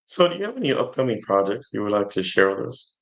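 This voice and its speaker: A male interviewer with a low but lively voice asks brief questions. His short prompts sound friendly. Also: quick pace, poor audio. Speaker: host.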